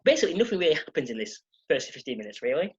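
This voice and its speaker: A man's voice: a little high, big pitch swings, racing, slight background noise. A man hosting a casual chat, ranting with exaggerated sarcasm and plenty of swearing. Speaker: podcast host. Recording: dull lo-fi sound.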